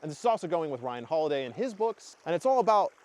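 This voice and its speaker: A man's voice: fairly high pitch, sing-song, quick pace, a little mellow. A young man talking casually and earnestly to camera, rambling with fillers and restarts as he reflects on his year. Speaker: spiritual content creator. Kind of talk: casual reflective vlog talk.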